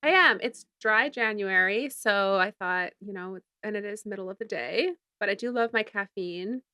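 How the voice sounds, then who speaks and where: A woman's voice: mid-range voice, moderate pace, sharp tone, clean tone, no room sound. Woman in her thirties from Canada, chatty podcast guest, loose and filler-heavy, dry close mic. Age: 30s. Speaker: guest, film producer and director. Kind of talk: casual interview chat.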